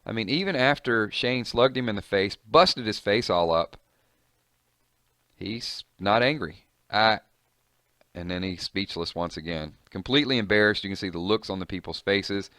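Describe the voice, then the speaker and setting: A man's voice: on the low side, moderate pace, sharp tone, dry recording, clean studio sound. A man casually reading and commenting on a comic, chatty and reactive, musing aloud.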